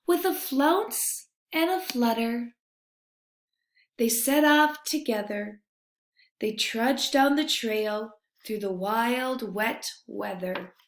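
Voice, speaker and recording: Slow, gentle woman reading a storybook. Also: fairly high pitch, a little hiss or hum. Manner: gentle, expressive reading with hushed refrains. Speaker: storybook reader. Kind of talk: reading a children's picture book aloud. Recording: roomy echo.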